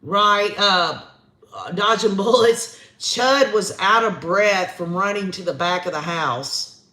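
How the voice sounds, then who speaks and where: High-voiced man chatting with viewers. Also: slow, sharp tone. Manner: folksy and chatty, talks straight to viewers. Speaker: true crime live-stream host. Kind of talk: live-stream commentary reading viewer comments. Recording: roomy echo.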